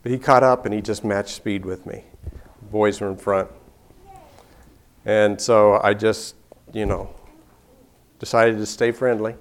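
A man's voice: on the low side, fairly even intonation, unhurried, long pauses. An older man telling a personal story in an easygoing way, chuckling often and restarting his sentences.

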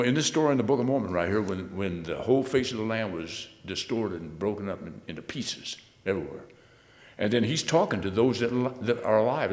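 A man preaching a sermon, reading scripture aloud and then expounding it, swinging between loud emphatic bursts and low, quiet asides. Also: in a large hall.

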